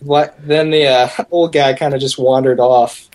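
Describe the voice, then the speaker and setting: A man's voice: medium pitch, moderate pace. A young man casually telling a long, rambling anecdote with lots of restarts. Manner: rambling, animated, with many restarts. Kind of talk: casual storytelling.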